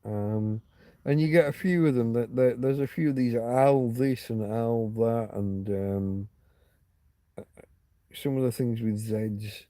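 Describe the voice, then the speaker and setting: A man's voice: mid-range voice, fairly even intonation, slow pace, mellow, no room sound. A man hosting a casual livestream, rambling through stories and answering viewer comments. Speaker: livestream host.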